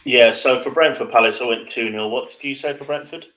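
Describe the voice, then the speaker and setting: A man co-hosting a casual football preview show, giving his predictions in a measured, slightly hesitant way. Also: medium pitch, fairly bright tone, rough recording. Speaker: football podcast co-host.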